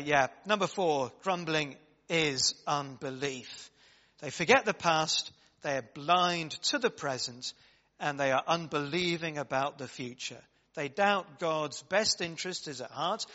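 A man preaching a sermon in a bright, forceful, slightly high voice. He talks earnestly and reflectively, with frequent fillers and asides. The recording is dull and carries a long church reverb. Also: measured pace.

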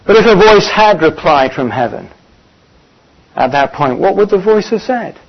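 A man preaching a sermon, earnest and often pausing on "uh" as he gathers his thoughts. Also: high-pitched, expressive. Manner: earnest, pausing with frequent "uh" fillers. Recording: dull lo-fi recording.

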